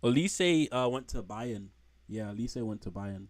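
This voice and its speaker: A man's voice: fairly low pitch, animated, measured pace. A man streaming from home, rambling frankly through football players with slang and blunt put-downs. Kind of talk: casual live-stream commentary.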